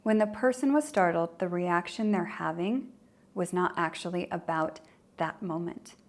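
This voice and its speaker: A woman's voice: fairly low pitch, moderate pace. A woman trauma coach hosting a podcast, explaining ideas conversationally and acting out quoted inner voices.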